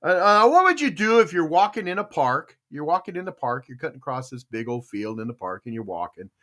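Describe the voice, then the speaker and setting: Older American male podcast host, animated storyteller, upper-middle pitch. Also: fairly quick. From United States. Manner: storytelling, animated, acts out dialogue. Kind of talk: casual rambling chat.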